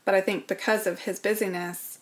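A woman tells her story as an interview guest. She speaks earnestly and reflectively at a middle pitch, and her voice sinks to a near whisper when the memories get painful. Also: level tone, a little fast.

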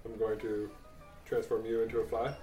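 A man's voice: on the low side, flat delivery, normal speed, warm tone, soft background music. A man playing a tabletop game, planning his moves. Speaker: player. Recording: roomy room from a distance.

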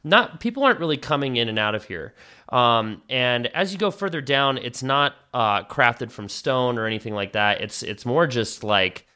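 A man's voice: medium pitch, lively intonation, normal speed, sharp tone, clean tone. A man narrating a tabletop game as game master, casual and rambling with lots of fillers.

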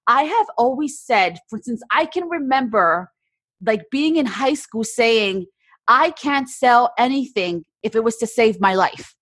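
A woman's voice: fairly high pitch, expressive, measured pace, a bit bright, no room sound. A woman guest telling candid stories in a casual podcast conversation, often quoting her own thoughts aloud. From New Jersey, USA. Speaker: entrepreneur guest.

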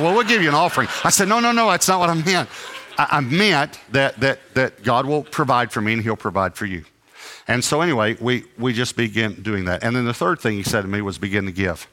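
A traveling preacher with a bright, mid-range voice tells a story as part of a sermon. He delivers animated anecdotes, acts out the dialogue, and pokes fun at himself.

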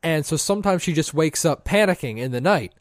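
Guy cohosting a podcast, rambly storyteller, fairly high voice, dry close mic. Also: lively intonation, fairly quick, no room sound. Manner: rambling storyteller with frequent restarts. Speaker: podcast co-host. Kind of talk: casual chat. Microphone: headphones, podcast mic.

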